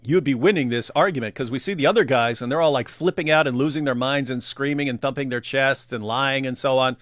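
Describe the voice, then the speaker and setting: A man's voice: mid-range voice, no room sound. Casting: laid-back male streamer, dry close sound, talks loosely through clips. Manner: laughs often, loose and chatty. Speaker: reaction streamer. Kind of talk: casual commentary on clips.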